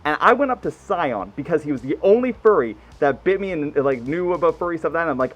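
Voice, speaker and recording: A man with a high voice tells a story in casual talk. His pitch swings widely and he swears freely. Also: fairly quick, dull audio. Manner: animated, swears freely, acts out quoted voices. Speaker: guest telling a story.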